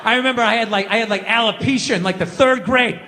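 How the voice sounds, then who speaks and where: Man, middle-aged, stand-up comedy rant, shouting, high bright voice, reverberant hall. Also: fast talker, a little hiss or hum. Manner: loud ranting delivery with frequent shouting. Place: theater stage before a live audience. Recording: stage mic with long hall reverb.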